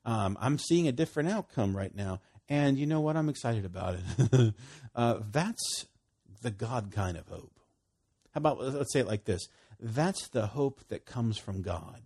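Husky man preaching a lively sermon. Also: mid-range voice, moderate pace. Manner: lively and conversational, swinging from loud emphasis to hushed quiet, laughs often.

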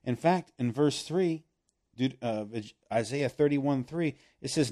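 A man preaching a sermon, swinging from loud emphasis down to hushed, almost whispered lines. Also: mid-range voice, takes it slowly.

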